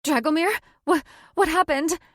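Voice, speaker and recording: A woman voicing a defiant young witch in an audiobook, with a high, tense voice. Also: moderate pace, fairly bright tone, no echo, studio quality. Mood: frantic, defiant.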